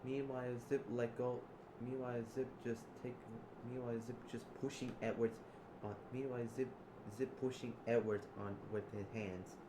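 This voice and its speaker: A man improvising role-play narration, halting and repeating his words as he goes. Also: medium pitch, little pitch movement. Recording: roomy, noisy background.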